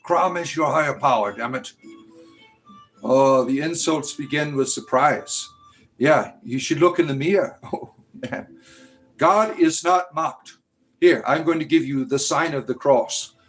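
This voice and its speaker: A man with a voice a little higher than most hosts a casual livestream, answering his chat with sarcasm and scorn. Faint music plays under him. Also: unhurried, a bit bright.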